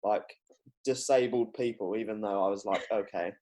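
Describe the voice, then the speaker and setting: A man's voice: on the low side, steady tone, moderate pace, mellow. A young man, hosting a podcast in casual chat, rambling and laughing often as he acts out quotes. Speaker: podcast host.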